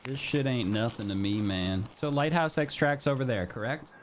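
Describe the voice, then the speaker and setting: A young man streaming a game live, talking to his chat in a nervous, excitable way. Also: mid-range voice, moderate pace, a little hiss or hum.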